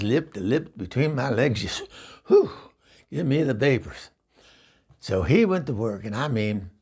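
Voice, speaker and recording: A man's voice: medium pitch, vocal fry. A man playing Eunice, a bawdy, chatty middle-aged woman, telling a rambling comic story full of stammered restarts. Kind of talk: comedy character monologue.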